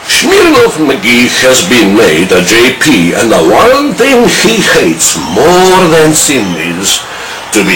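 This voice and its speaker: A man with an Australian accent reciting rhyming bush poetry in a rhythmic, sing-song way, full of slang. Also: mid-range voice. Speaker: bush poet. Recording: echoey, distant, noisy ambience.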